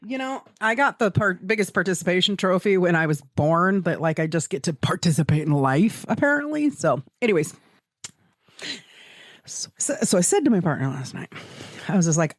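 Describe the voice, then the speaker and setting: A woman's voice: on the low side, animated, normal speed, no room sound, studio quality. A woman co-hosting a podcast in casual chat, rambling, laughing often and swearing freely. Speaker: podcast co-host.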